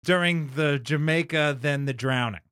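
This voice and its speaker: A man's voice: on the high side, moderate pace, a bit bright, clean tone. A man co-hosting a comedy podcast, chatting casually and rambling, prone to fits of giggling. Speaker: podcast co-host.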